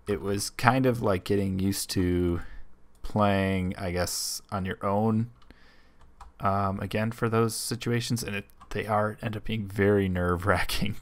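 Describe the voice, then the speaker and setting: A young man with the hiccups commentating his game casually, thinking out loud with lots of ums. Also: on the low side. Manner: rambling, thinking aloud with many ums. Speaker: let's play host.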